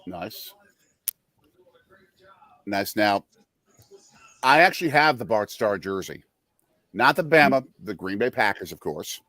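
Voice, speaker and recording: A man's voice: lowish voice, sing-song, slow, pauses often, bright, forceful tone, dry recording. A man co-hosting a casual sports watch-along, chatting between stories and calling the plays as they happen. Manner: chatty, jumps between stories and play calls. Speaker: podcast co-host.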